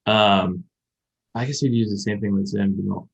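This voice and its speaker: A man's voice: fairly low pitch, fairly even intonation, moderate pace, vocal fry, slightly rough, muffled recording. Rambling man explaining Japanese words. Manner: rambling, explains with many fillers and restarts. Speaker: podcast co-host. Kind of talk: casual chat about learning Japanese.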